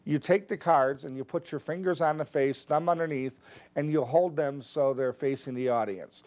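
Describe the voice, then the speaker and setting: A man teaching a card trick, calmly explaining each move step by step and acting out his stage patter. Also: on the high side. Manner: relaxed, explanatory, steps through moves one by one. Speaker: magic teacher. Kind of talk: instructional explanation with performed patter.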